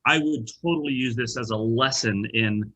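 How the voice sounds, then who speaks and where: A man with a bright, forceful voice hosts a casual tasting over a video call. He talks in an animated rush, restarting his sentences as he goes. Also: mid-range voice, normal speed, rough recording. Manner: animated, self-interrupting, lots of restarts. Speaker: wine shop co-host.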